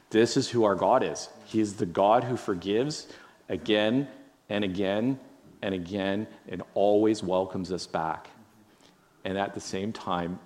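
A male pastor with a somewhat low voice preaches in an earnest tone. He leans on repetition and keeps checking in with his listeners. Later he leads them in prayer. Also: a little mellow. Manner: earnest, repetitive emphasis, frequent "right?". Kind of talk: sermon and closing prayer.

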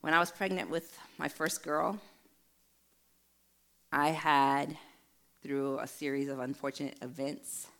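Low, gravelly woman preaching. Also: fairly even intonation, measured pace, long pauses, fairly bright tone. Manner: storytelling, emphatic, earnest. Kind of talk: sermon with personal testimony.

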